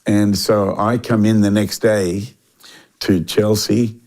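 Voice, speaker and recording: An older Australian man in a relaxed interview, his voice sitting a little low. He tells long stories with restarts and lively quoted voices. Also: takes it slowly. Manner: animated storyteller, acts out quoted voices, frequent restarts. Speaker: guest musician.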